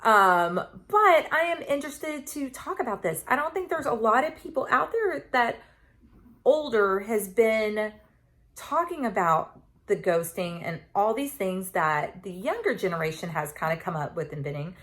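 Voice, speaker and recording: A woman's voice: mid-range voice, lively intonation, moderate pace, fairly bright tone. Chatty woman in her forties. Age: 40s. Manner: chatty storytelling with many fillers. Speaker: vlogger. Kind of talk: casual chat to camera.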